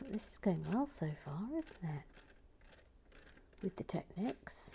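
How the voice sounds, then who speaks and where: Low, slow-talking woman building LEGO. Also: big pitch swings, mellow, a little hiss or hum. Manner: murmurs to herself, often drops to a whisper; reads out viewer comments. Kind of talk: relaxed real-time building chat.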